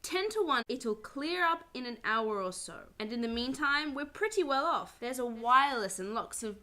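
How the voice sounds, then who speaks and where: A young woman doing a brisk, sensible big sister. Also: high voice, expressive, sharp tone.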